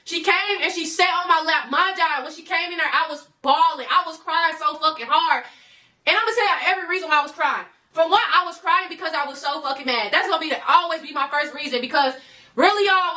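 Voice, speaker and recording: Fast, high-voiced woman telling a storytime. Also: recorded from a distance. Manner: profane, animated, keeps addressing viewers as y'all. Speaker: vlogger telling a personal story. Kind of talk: casual storytime.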